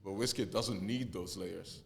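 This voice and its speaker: A man from Nigeria, a musician guest, talking in a relaxed podcast chat, full of fillers and restarts. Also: low voice, unhurried, gravelly.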